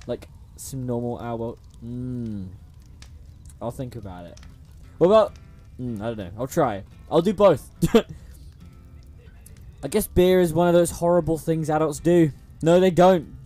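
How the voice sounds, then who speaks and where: A streamer with a medium-pitched, dark-toned voice chats casually over a story game during a livestream. They read the characters' lines aloud in playful voices and drop slangy, sweary asides.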